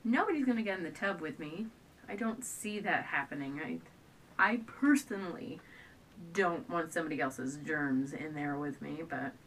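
A young pregnant woman chatting casually to her camera at home, rambling and restarting her sentences, often a bit out of breath. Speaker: stay-at-home mom vlogger. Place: at home indoors. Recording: a bit distant from the camera, faint low rumble.

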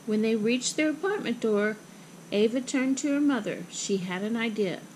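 A woman reading a children's picture book aloud with expressive, rhythmic phrasing. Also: a little high, normal speed, slight background noise, rough recording. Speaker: storybook reader.

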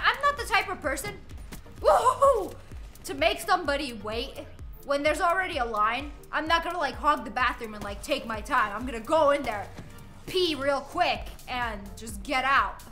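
A young woman streamer rambles through a story while she plays, breaking off to curse at the game and laugh. Her voice sits high and bright. Faint music plays underneath. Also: animated, moderate pace. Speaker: gaming streamer. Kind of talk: casual storytelling while playing.

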